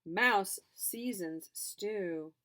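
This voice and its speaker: A woman reading a picture book aloud to children, animated, pausing to explain words and ask questions. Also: mid-range voice. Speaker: storybook reader for children.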